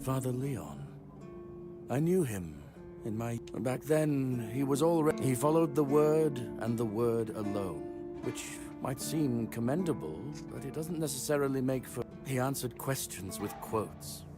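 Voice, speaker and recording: Male actor as a solemn, skeptical game priest; lively pitch, score underneath. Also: natural voice. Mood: formal. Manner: measured, formal, skeptical. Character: solemn male red priest, middle-aged. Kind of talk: video game dialogue. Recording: game audio with music behind.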